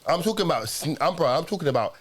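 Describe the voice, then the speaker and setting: A man's voice: a little high, expressive, very fast. A young man, telling a story on a podcast in a rambling, slang-filled way, tagging lines with "yeah?". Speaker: podcast co-host. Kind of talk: casual chat.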